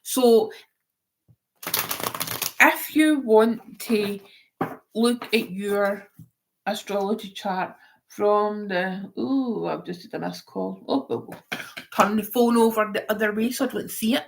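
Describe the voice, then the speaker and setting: Slow, chatty woman reading tarot. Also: medium pitch, creaky, noisy background. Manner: chatty, rambling, goes off on tangents. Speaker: tarot reader. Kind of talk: live-stream tarot reading.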